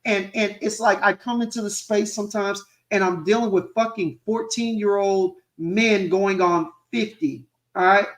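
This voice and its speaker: A man's voice: sits high, fairly even intonation, moderate pace, hardly any pauses, fairly bright tone. A man, a co-host, ranting heatedly in casual talk, swearing often and repeating himself for emphasis.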